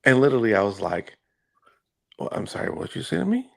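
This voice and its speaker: A man's voice: mid-range voice, very animated, quick pace, gravelly. A man co-hosting a podcast, telling a story in casual chat with crude jokes and lots of repeated words. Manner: crude joking, repeats himself. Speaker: podcast co-host.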